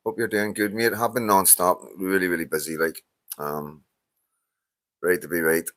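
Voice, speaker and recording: Tired Northern Irish man, low and chatty. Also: little pitch movement, normal speed, fairly bright tone, no echo. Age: 50s. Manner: chatty, swears, laughs often, reads out names. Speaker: livestream host. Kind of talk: casual live-stream chat greeting viewers.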